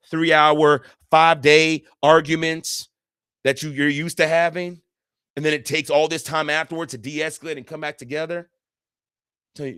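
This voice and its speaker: A man's voice: on the high side, fairly bright tone, dry recording, studio quality. A man coaching on relationships in a casual, earnest teaching talk, repeating points and acting out quoted voices.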